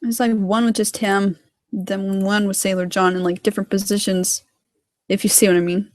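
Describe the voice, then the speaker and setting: A woman's voice: mid-range voice, level tone, moderate pace, no echo. A woman giving a casual livestream tutorial on her animation work, rambling with lots of fillers. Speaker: hobby sprite animator.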